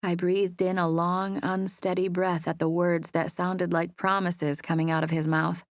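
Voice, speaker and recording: Woman narrator for a romance audiobook, soft and wistful, lowish voice, dry studio sound. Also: little pitch movement, unhurried, dry recording. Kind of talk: first-person romance narration.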